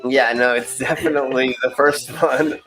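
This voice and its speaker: A man's voice: mid-range voice, steady tone, moderate pace, a bit bright, faint music behind, poor audio. A man hosting a game-night stream, chatting casually with his guests and laughing often. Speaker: stream host.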